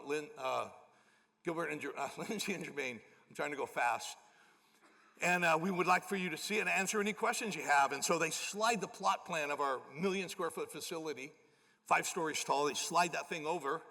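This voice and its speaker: Middle-aged male pastor, gravelly, bright, storytelling sermon, long hall reverb. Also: a little high. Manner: acts out quoted people with lively shifts. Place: church auditorium.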